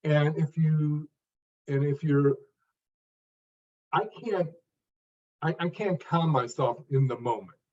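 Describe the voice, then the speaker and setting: A man's voice: a little high, takes it slowly, long pauses, a little mellow, recorded from a distance, lo-fi sound. A man giving an interview answer as a speech coach, talking in short emphasized phrases with frequent restarts.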